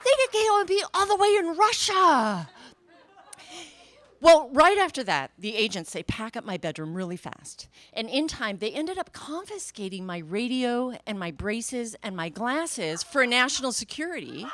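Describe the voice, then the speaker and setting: Woman, storyteller, tall tale, lively swooping pitch, fairly high voice, playful, sound effects. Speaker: storyteller and emcee.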